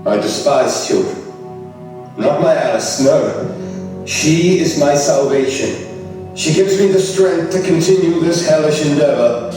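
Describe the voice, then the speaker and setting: A man's voice: on the high side, slow, distant mic, over music. An actor playing a grieving widowed father sliding into madness, with a theatrical, anguished stage delivery, recorded from afar on an echoey theatre stage. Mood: brooding. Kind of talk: stage musical acting with narration.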